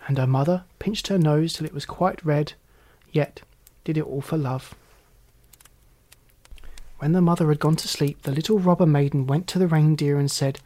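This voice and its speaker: A narrator reading a fairy tale aloud with steady, even delivery. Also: mid-range voice, normal speed, pauses often. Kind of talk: storybook reading.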